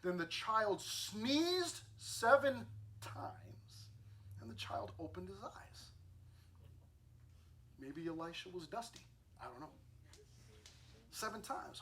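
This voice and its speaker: A man's voice: high-pitched, animated, normal speed, bright, forceful tone, slight background noise. A male pastor preaching a sermon, telling a scripture story with acted-out lines and sound effects, then reading scripture and a poem aloud. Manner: reads scripture and poetry aloud.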